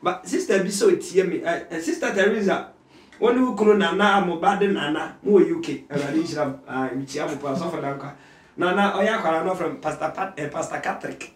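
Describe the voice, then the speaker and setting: A man with a Ghanaian accent, speaking as a prophet guest who prays and preaches in an interview, at times shouting. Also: fairly high pitch, quick pace, echoey room, distant mic, slight background noise.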